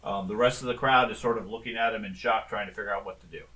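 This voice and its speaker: A man runs a tabletop game, describing the scene in an easygoing way full of ums and restarts. His voice is bright and ringing. He sits a little away from the microphone. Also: on the low side, fast, distant mic, low-quality recording. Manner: relaxed, with frequent ums and restarts. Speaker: game master.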